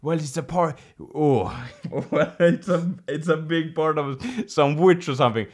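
A man's voice: on the high side, unhurried, a little mellow. A man in casual conversation, retelling film plots playfully with frequent laughs. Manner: playful, laughing, acting out quotes. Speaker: conversation partner.

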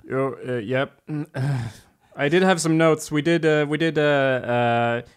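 A man hosting a casual podcast chat, dry and rambling, with halting restarts. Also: on the high side, clear, resonant tone. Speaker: podcast host.

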